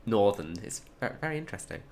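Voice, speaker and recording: A man's voice: lowish voice, very animated, quick pace. A young English man in casual chat, talking loosely with many fillers and frequent laughs.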